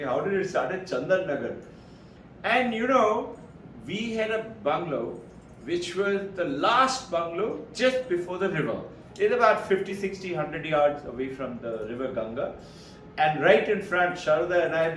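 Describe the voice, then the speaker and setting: A man from India, giving an informal, anecdotal spiritual talk. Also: a bit bright. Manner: rambling, anecdotal storytelling. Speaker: spiritual speaker. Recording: echoey room from far off, low rumble.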